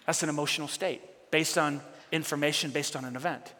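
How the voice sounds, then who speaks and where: High-voiced guy preaching, gets loud then drops soft, big echoey church hall. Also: fairly quick, hardly any pauses. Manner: animated, swings between loud emphatic bursts and low quiet storytelling. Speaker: pastor. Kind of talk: sermon. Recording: long hall reverb.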